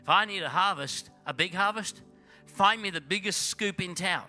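A middle-aged male pastor preaching a sermon in a church, swinging between loud urging and hushed, intense passages. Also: high-pitched, normal speed, faint music behind.

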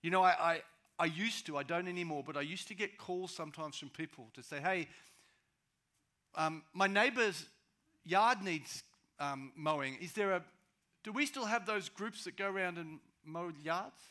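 A man preaching a sermon as pastor, swinging between loud, urgent rises and quiet, slow drops. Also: high voice.

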